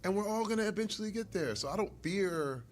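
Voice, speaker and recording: A man telling stories from his life in casual conversation over a meal, animated and earnest, sometimes getting emotional. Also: high-pitched, fast talker, soft background music. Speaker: guest.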